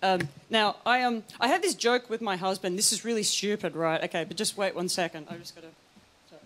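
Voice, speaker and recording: A woman's voice: medium pitch, a little fast. A woman comedian doing a stand-up set on a studio stage, giggling and laughing through her lines in a self-mocking way. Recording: loud live audience laughter and noise.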